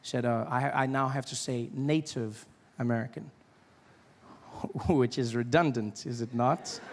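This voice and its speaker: A man from South Africa performing a stand-up comedy routine, animated and acting out characters in excited voices. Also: mid-range voice, a little hiss or hum.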